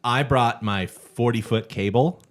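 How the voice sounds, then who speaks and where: A man co-hosting a podcast, telling stories in casual chat and acting out quotes with loud outbursts and laughter. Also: medium pitch, unhurried. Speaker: podcast co-host.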